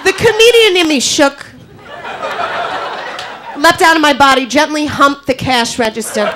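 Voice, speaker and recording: High-pitched woman doing stand-up, brash and profane, loud club crowd noise. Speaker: stand-up comedian. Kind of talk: stand-up comedy set. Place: New York comedy club. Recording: live club recording with audience noise.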